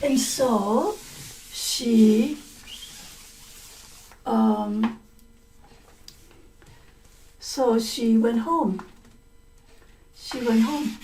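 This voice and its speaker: A woman teacher retells a folk tale to language learners, repeating key words and explaining them simply. She speaks slowly in a high voice, with faint background noise. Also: darkish tone, poor audio. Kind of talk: story-listening lesson, retelling a folk tale.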